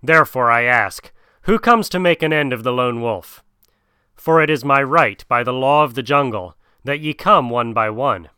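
A man's voice: mid-range voice, moderate pace, pushed and bright, clear, resonant tone, dry recording, clean studio sound, natural voice. A man voicing a weary old male wolf who leads the pack, speaking with dignity. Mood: weary defiant. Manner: dignified, pleading.

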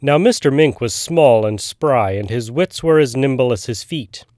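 A man voicing a gruff, knowing old male frog who tells a tale in a storybook reading. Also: mid-range voice, expressive, moderate pace, darkish tone, no echo, clean studio sound, close to an everyday voice. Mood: storytelling.

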